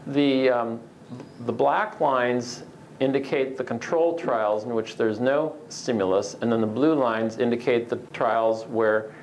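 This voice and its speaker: A man giving an academic lecture with slides, measured and explanatory, with frequent "uh" fillers. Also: mid-range voice, slight background noise, poor audio.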